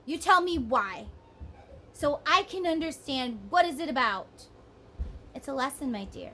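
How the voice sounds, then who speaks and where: A woman's voice: high-pitched, animated, measured pace, bright, forceful tone, low-quality recording. A woman with a Southern US accent giving a rambling, casual tarot reading, sometimes acting out the people she talks about. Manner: chatty, rambling, acts out voices. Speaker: tarot reader. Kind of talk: casual psychic reading monologue.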